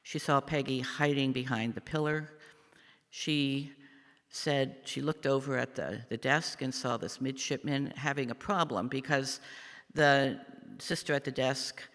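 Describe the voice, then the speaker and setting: An older man giving a church meditation, telling a family story in a halting, reflective way with many pauses and fillers. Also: mid-range voice, fairly even intonation, fairly bright tone. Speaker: lay speaker giving a meditation. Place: church sanctuary. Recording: long church reverb.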